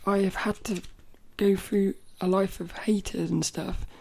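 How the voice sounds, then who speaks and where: A woman's voice: mid-range voice, steady tone, creaky, a little hiss or hum. A woman hosting a casual solo podcast, chatting playfully with many restarts and sometimes reading aloud from a children's book. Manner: chatty and playful, with frequent self-corrections; reads quoted passages louder and slower. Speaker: podcast host.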